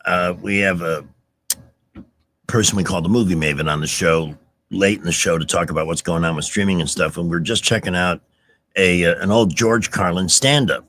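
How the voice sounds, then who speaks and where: A middle-aged man hosting a radio talk show, telling stories in an animated, emphatic way with restarts. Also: low-pitched, moderate pace. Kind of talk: casual talk radio chat.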